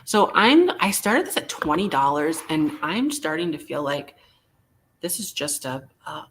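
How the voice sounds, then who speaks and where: A man's voice: on the high side, big pitch swings, normal speed, fairly bright tone, slight background noise. Playful joking man selling vintage live. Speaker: live auction seller. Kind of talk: live online vintage sale.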